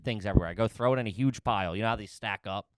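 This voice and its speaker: A man's voice: lowish voice, very fast, clean tone, no echo, studio quality. A man co-hosting a podcast, telling a rambling comedic story full of swearing and laughs. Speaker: podcast co-host.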